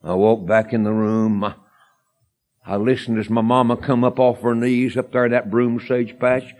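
A man preaching a fervent, folksy sermon and telling a story that builds to shouted emphasis. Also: mid-range voice, little pitch movement, moderate pace. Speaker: evangelist preacher.

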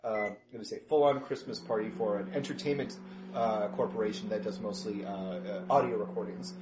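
A man running a tabletop game as game master, narrating haltingly with many fillers. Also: fairly low pitch, fairly even intonation, roomy sound, background noise.

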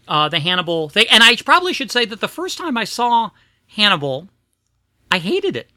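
A man hosts a casual podcast, chatty and self-deprecating, stumbling through fillers. His voice sits high and rings very bright. The sound is close and dry. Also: sing-song, normal speed, dry recording. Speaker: podcast host.

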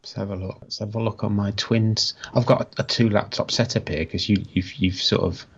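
Low-voiced man on dull lo-fi audio. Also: fairly even intonation, moderate pace, slightly rough. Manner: rambling, self-deprecating. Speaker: podcast co-host. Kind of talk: casual chat.

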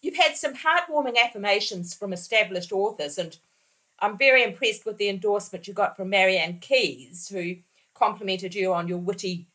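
A woman conducting an interview, posing her questions at an even, measured pace. She laughs easily along with her guest's stories. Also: mid-range voice, rough recording.

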